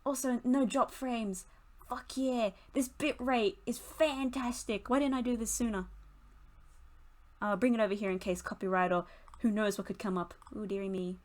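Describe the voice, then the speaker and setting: A woman's voice: fairly high pitch, normal speed. A young woman streaming as she draws, chatting casually with viewers and giggling often. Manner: chatty, giggly, talks to chat. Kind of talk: casual chat while drawing on stream.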